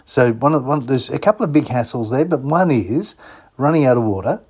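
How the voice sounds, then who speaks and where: A man's voice: mid-range voice, animated, a little fast, slightly rough. A man with an Australian accent, hosting a casual travel show, chatting and spelling out web addresses for sponsors. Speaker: radio host. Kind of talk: casual chat with sponsor plugs.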